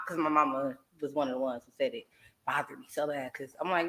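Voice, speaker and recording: A woman hosting a podcast talks in a bright, sharp voice, animated and rambling, and swears freely. The sound is recorded in an echoey room. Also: low voice, quick pace. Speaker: podcast host. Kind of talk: casual podcast chat.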